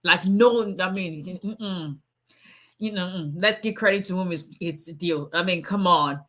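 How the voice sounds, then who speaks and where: A woman's voice: lowish voice, a little slow, fairly bright tone. A woman, an immigration attorney, chatting playfully and laughing with viewers on a casual livestream.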